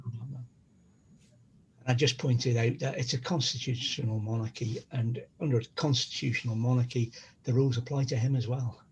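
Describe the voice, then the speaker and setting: Husky-voiced man, chatty. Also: medium pitch, fairly even intonation, moderate pace, darkish tone, muffled recording. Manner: rambling, chatty storyteller. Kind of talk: casual chat.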